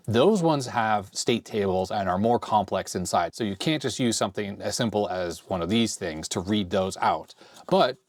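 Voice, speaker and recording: Man, 40s, lowish and a little raspy with a cold, rambling workbench chatter, dry close sound. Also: dry recording. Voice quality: slightly raspy. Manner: rambling, thinks aloud while handling hardware. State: slightly hoarse from a cold. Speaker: retro computer video host. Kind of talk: casual hands-on tech vlog. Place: home workbench.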